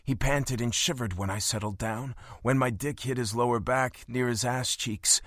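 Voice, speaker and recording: A man reading first-person romance narration for an audiobook, with an intimate, expressive delivery. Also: medium pitch, moderate pace, dry recording, clean studio sound.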